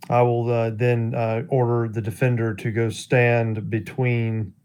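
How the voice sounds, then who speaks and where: Flat-voiced man playing a tabletop game. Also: medium pitch, clean tone. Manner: halting, flat. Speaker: player. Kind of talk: casual tabletop chat.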